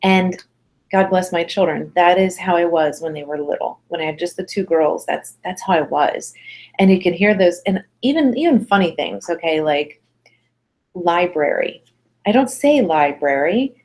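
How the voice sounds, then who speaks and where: A woman's voice: fairly low pitch, normal speed. A middle-aged woman parenting instructor talking casually to mothers, chatty and encouraging, acting out little quotes as she goes. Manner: chatty, encouraging, acts out quotes with lively voices. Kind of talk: casual webinar talk to mothers.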